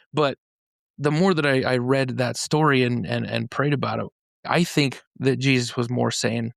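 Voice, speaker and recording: Gravelly-voiced man telling a story. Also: medium pitch, unhurried, dry recording, clean studio sound. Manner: storytelling, paraphrases scripture in everyday slang, frequent restarts. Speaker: podcast speaker explaining a faith-based framework. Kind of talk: casual podcast conversation. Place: podcast studio in Utah.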